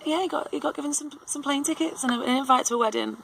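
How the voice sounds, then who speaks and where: Woman in her 30s chatting away, bit gravelly, keeps saying um and like. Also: high voice, fast, fairly bright tone, slight background noise, rough recording. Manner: rambling, with many fillers, restarts and laughs. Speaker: vlogger. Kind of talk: casual storytelling chat.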